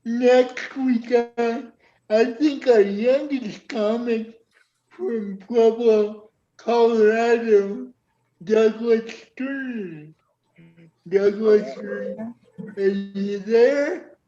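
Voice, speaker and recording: Man, comedy host on a video call, very slow and mellow, muffled echoey audio. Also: extremely high pitch, steady tone. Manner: slow, drawn-out introductions. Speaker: show host.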